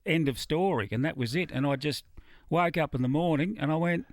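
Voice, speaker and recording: A man's voice: on the high side, fairly quick, no echo. A middle-aged Australian man, a musician guest, telling dry, laconic stories in a casual radio interview. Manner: laconic, dry yarn-spinning.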